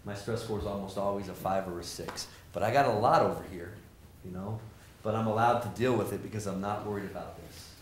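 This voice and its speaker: A middle-aged man giving an energetic, joking lecture to students, acting out the people in his stories. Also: on the low side, a little fast. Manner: animated, joking, acts out quoted people. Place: lecture hall with audience. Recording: roomy hall sound, faint noise.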